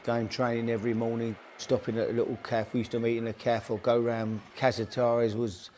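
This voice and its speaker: A man's voice: medium pitch, flat delivery, a little fast, a little mellow, a little hiss or hum. An older man, chattily recalling his football days in an interview. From East End of London. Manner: chatty, leans on "you know". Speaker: former footballer. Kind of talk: reminiscing interview.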